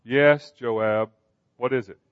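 A man voicing a weary aging king who speaks quietly and in a measured way, in a dull, dry recording. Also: mid-range voice, steady tone, no echo, close to an everyday voice. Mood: resigned.

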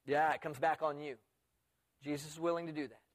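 A man's voice: on the high side, fairly even intonation, fairly quick. A man preaching a sermon in a conversational way, often putting questions to his listeners. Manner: conversational, asks the audience questions.

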